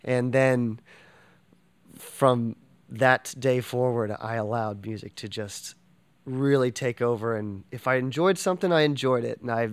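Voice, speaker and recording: A man's voice: mid-range voice, unhurried, clear, resonant tone, dry recording. A man who drums, a guest in a casual interview, talking with enthusiasm, rambling with many fillers and restarts. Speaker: drummer and podcast guest.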